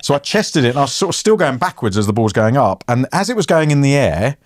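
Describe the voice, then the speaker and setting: A man in his fifties co-hosting a podcast, telling an anecdote in a relaxed way and chuckling between lines. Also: mid-range voice, quick pace, no room sound, clean studio sound. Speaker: podcast co-host. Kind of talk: casual chat, anecdote telling. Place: podcast studio.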